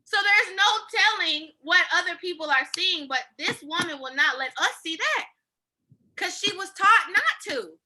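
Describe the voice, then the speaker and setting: A woman's voice: very high-pitched, moderate pace. A woman co-hosting a podcast in casual, slangy chat, often acting out what others said. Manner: animated, slangy, acts out quotes. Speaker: podcast co-host.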